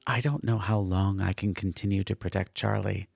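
A man's voice: deep voice, steady tone, moderate pace, creaky, husky, no echo, soft background music, full character voice. A man voicing a brooding ferryman spirit in dog form, speaking in a weary, doubtful way.

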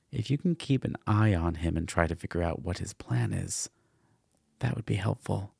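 A man's voice: low-pitched, creaky, darkish tone, husky, no room sound, full character voice. A man voicing a loving woman pianist, speaking in an affectionate, soothing way. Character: tender, fiercely loyal woman pianist.

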